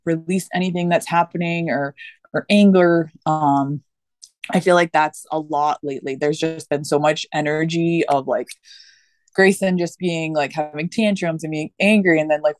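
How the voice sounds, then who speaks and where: A woman's voice: fairly low pitch, no room sound. Woman guest in her 30s, casual and earnest, rambling chat, dry close sound. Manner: earnest, rambling, many fillers and restarts. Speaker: podcast guest. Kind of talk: casual conversation.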